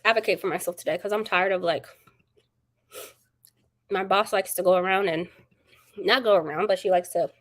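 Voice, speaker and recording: Book-channel host, woman, chatty and quick to laugh, mid-pitched voice, greets her chat. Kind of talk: casual livestream chat.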